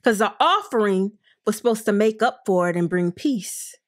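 Frank woman co-host, lively voice. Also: medium pitch, moderate pace. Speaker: co-host of a reality TV review show. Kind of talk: casual chat.

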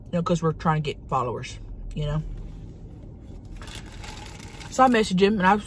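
A woman's voice: low-pitched, expressive, moderate pace, a little hiss or hum. A woman playing a brash, hot-tempered woman, who rambles profanely and dramatically in a comedic monologue from a parked car. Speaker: vlogger.

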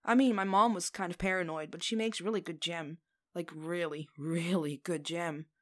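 A woman voicing an excitable, tipsy young woman witch whose voice climbs high and squeaky. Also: moderate pace, natural voice. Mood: cheerful.

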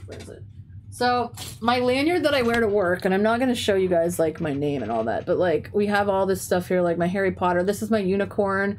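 A woman's voice: medium pitch, brisk, a little hiss or hum. A young woman talking casually on her stream, telling stories in a chatty way full of "like" and swearing, with a stuffy runny nose. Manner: chatty storytelling with frequent "like" and swearing. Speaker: teacher and game streamer. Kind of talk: casual chat while streaming.

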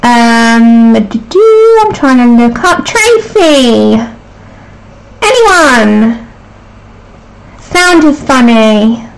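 A woman's voice: on the high side, sing-song, drawn-out words, long pauses. A woman hosting a casual live stream, chatty and apologetic while she fixes her sound. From United Kingdom. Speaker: livestream host.

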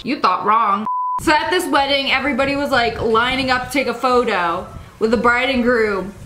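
A woman with a very high, lively voice comments on clips, excitable and playful, with frequent gasps and laughs. Her pitch swings widely as she reacts. She sounds in an echoey room with music playing behind. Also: a little slow. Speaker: host.

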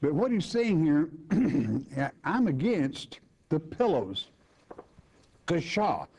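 A man preaching a verse-by-verse Bible sermon, slow and emphatic, with sudden jumps in pitch. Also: mellow. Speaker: pastor teaching Bible study. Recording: dull lo-fi broadcast recording.

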